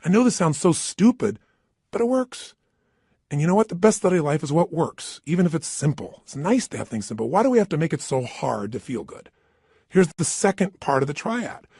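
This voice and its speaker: A man's voice: on the high side, sing-song, a little fast, darkish tone, slightly rough, no echo, clean studio sound. A middle-aged man giving an emphatic motivational talk, standing at a microphone and firing rhetorical questions at the listener. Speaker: motivational speaker. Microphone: standing and speaking into a microphone.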